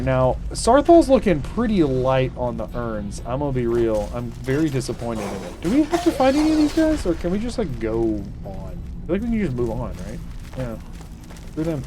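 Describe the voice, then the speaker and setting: A man streaming a video game live, reacting with playful mock outrage and chatting with his viewers. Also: mid-range voice. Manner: animated, mock outrage, quick asides to chat. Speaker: gaming streamer. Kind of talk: live gameplay commentary.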